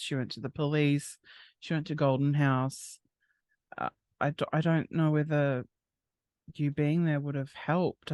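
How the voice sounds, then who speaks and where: Man gently interviewing a grieving guest. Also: on the high side, no echo. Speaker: interviewer, true crime host. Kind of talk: sympathetic interview questions.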